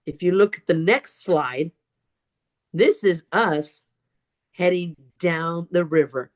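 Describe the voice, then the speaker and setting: A woman's voice: lowish voice, darkish tone. A woman telling a dramatic personal story as a speech at a public speaking club. She acts out other people's lines and repeats words for emphasis. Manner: emphatic, with deliberate pauses and repetition.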